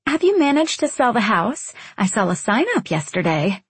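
A woman's voice: fairly high pitch, sing-song, normal speed, husky, dry recording, pitched above the performer's own voice. A woman voicing a tall, rich young woman with a sweet Valley Girl voice, teasing and baiting in an audiobook.

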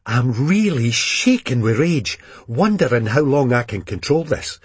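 Husky male audiobook narrator. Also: mid-range voice, sing-song, a little slow, no echo. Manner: wry, seething first-person storytelling with frequent swearing. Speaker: audiobook reader. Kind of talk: first-person novel narration.

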